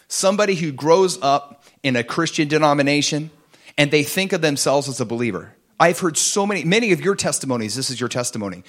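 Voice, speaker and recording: A man preaching a sermon to a congregation, fervent and animated, dropping at times to soft, intimate tones. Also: fairly high pitch. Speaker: pastor.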